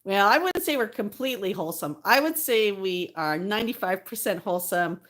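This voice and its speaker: A woman's voice: medium pitch, lively intonation, brisk, fairly bright tone. A middle-aged woman chatting casually on a live stream, laughing often and answering viewers by name.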